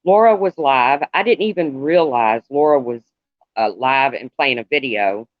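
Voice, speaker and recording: A middle-aged man talking to viewers on a live stream in a halting, rambling way, calling out commenters by name. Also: medium pitch, no echo. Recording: dull lo-fi, dry sound.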